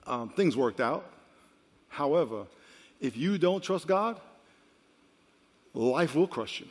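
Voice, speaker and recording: A man in his fifties, a pastor preaching a sermon with animated storytelling that swings from quiet to loud. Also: mid-range voice, slow, pauses often, slightly rough. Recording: long reverb of a large hall.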